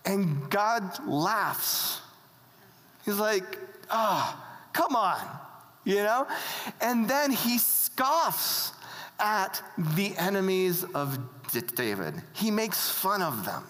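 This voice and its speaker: A preacher gives a casual, conversational sermon, often turning to the audience with questions. The voice is medium-pitched and a bit bright, with big pitch swings and drawn-out words, recorded with long hall reverb.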